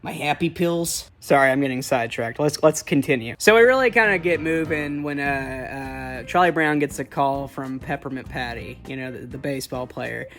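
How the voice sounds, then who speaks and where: A man's voice: medium pitch, normal speed, few pauses, fairly bright tone, soft background music. A young man giving a casual, rambling, joking film commentary as a vlogger. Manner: chatty, joking, full of fillers and restarts. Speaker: vlogger reviewing holiday films.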